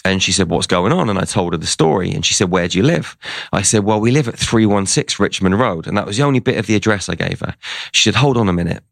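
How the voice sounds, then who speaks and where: Man, interview guest, low voice, dry close recording, casual storytelling. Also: animated, fast, gravelly, no echo. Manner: tells a story by quoting people's words.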